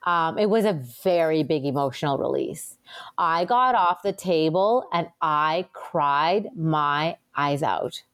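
Woman acupuncturist chatting away, lowish voice, lots of "like"s, animated when she tells a story. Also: slow, clean tone. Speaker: acupuncturist guest. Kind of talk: casual interview talk.

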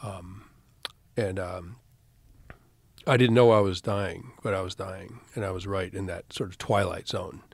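Low gravelly man, guest on a podcast. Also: steady tone, dry recording. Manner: measured recounting with fillers. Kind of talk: casual interview talk.

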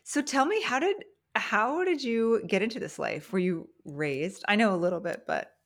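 A woman's voice: medium pitch, expressive, moderate pace. A woman hosting a casual interview, responding with short, encouraging remarks and questions. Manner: encouraging listener, short affirmations. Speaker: podcast host.

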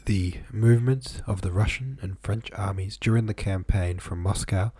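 A man hosting a podcast, reading a novel aloud in a calm, measured way, nasal and stuffy from a head cold. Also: low-pitched, vocal fry, slightly rough, no echo. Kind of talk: audiobook-style reading.

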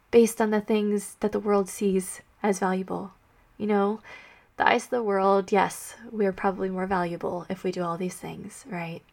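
A young woman with a mid-range voice and a noticeable vocal fry speaks to her listeners about her faith. She talks in a heartfelt, soft-spoken way and often sinks into a hushed near-whisper. There is a tearful tenderness in her voice. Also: mid-range voice. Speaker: Catholic podcast host.

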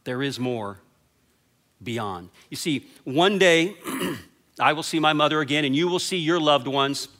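A man preaching a sermon, retelling stories and dropping to a quiet hush on the key lines. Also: on the high side, lively intonation, measured pace. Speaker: pastor.

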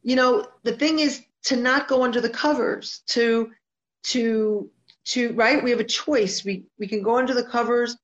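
A woman's voice: a little high, steady tone, normal speed. Earnest woman singer in a guest interview. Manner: heartfelt, emphatic, repeats her points. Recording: dull lo-fi sound.

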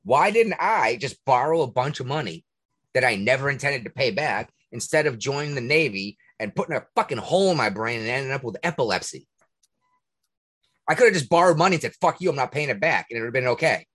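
A man hosting a podcast, ranting in casual talk, profane and indignant, with a husky voice. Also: medium pitch, very animated, fairly quick, a bit bright. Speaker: podcast host. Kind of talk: heated casual rant.

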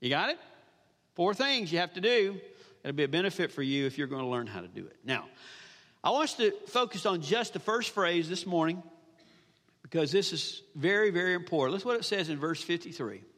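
A man's voice: fairly high pitch, sing-song, a little fast, a bit bright. A male pastor, preaching a sermon emphatically, repeating phrases and asking the congregation questions. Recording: long hall reverb.

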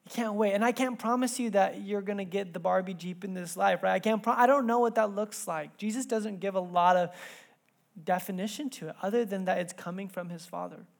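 A man in his thirties preaching a sermon in a church, telling a family story with lively swings between loud bursts and hushed moments. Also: high voice, fairly quick, vocal fry. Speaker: pastor. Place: church sanctuary.

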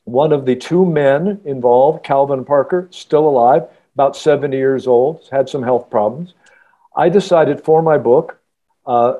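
Mellow-voiced man telling a story haltingly. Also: a little high. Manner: halting, many restarts, earnest. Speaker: author guest. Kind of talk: casual podcast interview storytelling.

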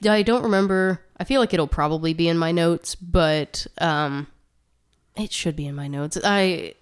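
A woman's voice: on the low side, moderate pace, clean tone. A woman co-hosting a podcast, chatting casually and reading out statistics with asides, a little short of breath. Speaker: podcast co-host. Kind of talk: casual chat.

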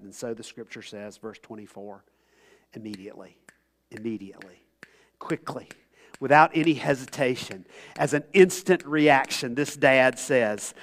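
A pastor delivers an impassioned sermon in a medium-pitched male voice. He swings between loud pleading and hushed, quiet tones.

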